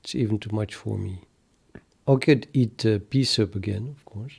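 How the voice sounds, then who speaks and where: A man thinking aloud while he codes live, chatting with viewers in a halting, muttering way that trails off mid-sentence. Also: lowish voice, vocal fry, darkish tone, slightly rough. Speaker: programmer streaming live development.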